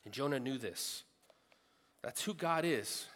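A man's voice: medium pitch, lively intonation, unhurried, a bit bright, big-room sound. A man preaching a sermon in a large room, earnest and emphatic, repeating phrases for stress.

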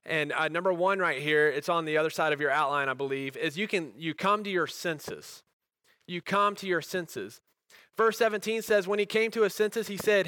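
Young male pastor, candid conversational sermon delivery; bright, crisp tone. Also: fairly high pitch, no echo. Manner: conversational, candid, self-deprecating.

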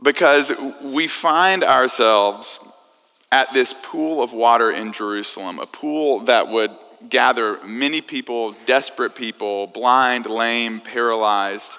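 A man preaching a sermon, telling a story in a conversational, animated way. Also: medium pitch, slow pace, clean tone. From United States. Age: 30s. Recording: echoey hall.

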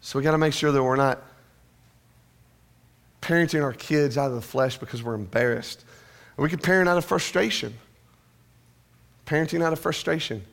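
A man's voice: on the high side, gravelly. A male pastor preaching a sermon in a church, with a conversational manner and joking asides to the congregation.

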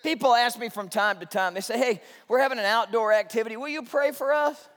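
Man, pastor, high-pitched, theatrical preacher, long hall reverb. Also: a little fast. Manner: animated, dramatic storyteller who shouts punchlines. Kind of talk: humorous sermon storytelling.

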